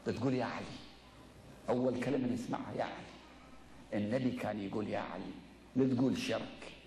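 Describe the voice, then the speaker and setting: Guy talking super fast and high, fired up, echoey distant clip sound. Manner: passionate, rhythmic, repetitive. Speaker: speaker in a played clip. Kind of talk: impassioned speech.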